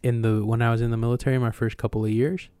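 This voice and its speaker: A young man co-hosting a podcast, telling a long personal story in casual, profane, animated chat. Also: medium pitch, fast, clean tone, no room sound, studio quality. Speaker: podcast co-host.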